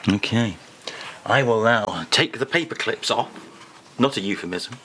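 A man's voice: a little slow, slight background noise. A man hosting a playful, joking chat at a table. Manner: playful, joking, lively rises in pitch. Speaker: host. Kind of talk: casual chat.

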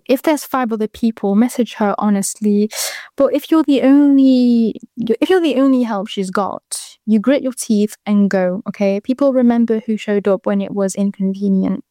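A woman's voice: fairly high pitch, dark tone, no room sound, studio quality. A 22-year-old woman with a British accent, hosting a casual advice show and chatting frankly to listeners with rambling asides. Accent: British English.

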